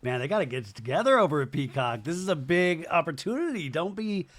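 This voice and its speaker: A man hosting a podcast, recapping a reality show in casual, animated commentary and acting out quotes in quick mock voices. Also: on the high side. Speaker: podcast host.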